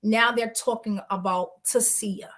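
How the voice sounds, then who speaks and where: A woman sits in as an interview guest and tells her story bluntly, full of sass and slang. Her voice sits high and lively. She leans hard on her points and does not soften them. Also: a little slow. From New York. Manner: blunt, sassy, emphatic retelling with slang. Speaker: reality show cast member, guest.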